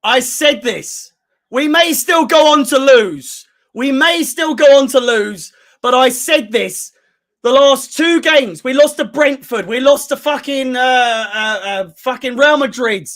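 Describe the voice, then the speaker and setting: A man with a very high, bright voice and an unhurried delivery hosts a live football watchalong for fellow fans. he calls each pass and shot as it happens and peppers his reactions with plenty of swearing. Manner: play-by-play calls mixed with heavy swearing. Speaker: fan channel host. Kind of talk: live match watchalong commentary.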